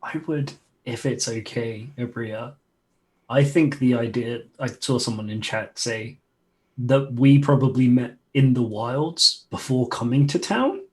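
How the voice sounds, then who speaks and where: A man's voice: medium pitch, a little slow, low-quality recording. A man playing in a tabletop game, casually thinking aloud about his character's backstory. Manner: easygoing, hesitant, thinking aloud. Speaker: player. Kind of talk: casual tabletop planning chat.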